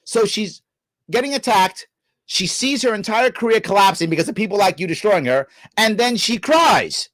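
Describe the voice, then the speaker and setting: A man's voice: high voice, moderate pace, no room sound. A middle-aged man hosting a live reaction show, ranting in a sarcastic, scolding way. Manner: animated, scolding, sarcastic, swearing. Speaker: show host reacting to a clip. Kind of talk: heated live-stream commentary.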